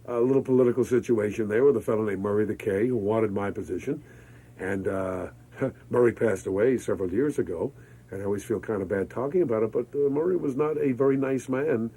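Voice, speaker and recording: A man, telling lively stories as a guest in an interview. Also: on the low side, fairly quick, slightly rough, rough recording. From Brooklyn, New York. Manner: energetic, exuberant storyteller. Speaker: radio disc jockey, guest. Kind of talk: interview conversation.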